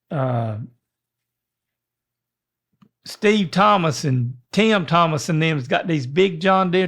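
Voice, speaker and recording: A man's voice: high-pitched, a bit bright. An older man, co-hosting a podcast in a rambling, folksy way. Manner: rambling, folksy, many restarts. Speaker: podcast co-host. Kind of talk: casual chat.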